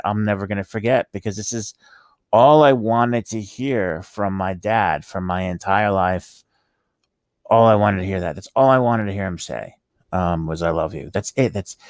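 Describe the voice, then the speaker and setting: Very deep-voiced man with slurred speech. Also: dry recording, studio quality. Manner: halting, rambling, with many restarts and pauses. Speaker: vlogger telling his life story. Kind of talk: emotional personal monologue.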